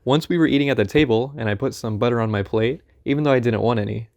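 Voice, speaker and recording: A man reading a first-person memoir aloud in an unhurried, conversational storytelling manner. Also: medium pitch, gravelly, darkish tone. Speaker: audiobook narrator.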